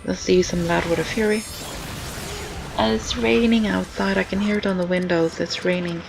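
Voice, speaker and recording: A young student gives casual let's-play commentary at home while rain hits the windows and game music plays, in a rough recording. The voice is mid-range, fairly even and moderately paced with vocal fry, and the student rambles, repeats and says um a lot, sounding out of breath with a sore throat.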